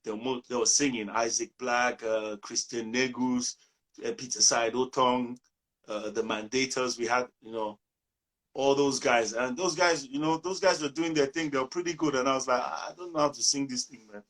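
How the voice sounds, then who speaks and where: A man from Nigeria, a musician guest in a casual interview, telling lively stories and acting out quotes. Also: medium pitch, normal speed.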